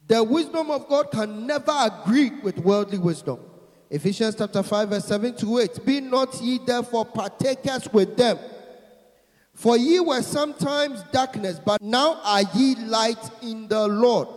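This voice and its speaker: A man preaching a sermon, emphatic, swinging from loud shouted peaks to low quiet lines, leading the congregation in call-and-response. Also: a little slow, in a large hall. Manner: emphatic, builds to shouting then drops low.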